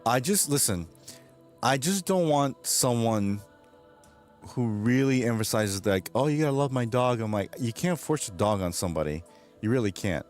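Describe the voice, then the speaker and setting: A man's voice: fairly low pitch, expressive, moderate pace, soft background music. A man streaming and chatting casually with his viewers, rambling, swearing, and laughing often. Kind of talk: casual livestream chat.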